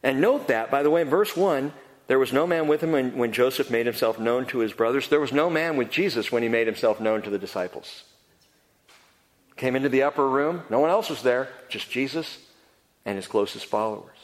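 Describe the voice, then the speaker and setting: A man preaching a sermon, earnest and emphatic, swinging between quiet and loud. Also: mid-range voice, brisk. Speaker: pastor. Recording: long hall reverb.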